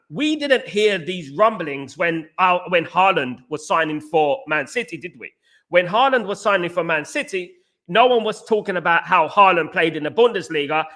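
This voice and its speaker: A man's voice: high-pitched, pushed and bright. A man hosting a football fan channel, talking casually and animatedly to viewers, repeating himself and calling them guys. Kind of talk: casual football chat livestream.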